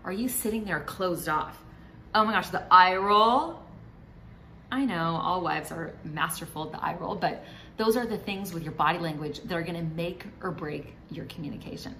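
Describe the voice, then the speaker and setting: A woman's voice: lowish voice, a little fast, vocal fry, a bit bright, a little hiss or hum, low-quality recording. A middle-aged woman vlogger giving marriage advice in a chatty, encouraging way, now and then acting out what a spouse might say. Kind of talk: direct-to-camera advice talk.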